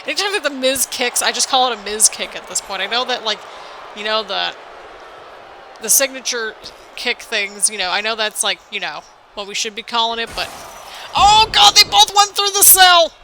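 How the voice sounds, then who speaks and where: A woman giving excited, anxious play-by-play commentary over a wrestling video game, exclaiming often and talking to viewers as "people". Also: a little high, moderate pace, background noise. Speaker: gaming video host.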